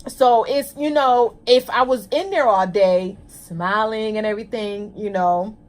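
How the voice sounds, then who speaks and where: Animated woman in casual chat. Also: a little high, a little slow. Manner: animated, acts out workplace exchanges in quoted voices. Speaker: co-host.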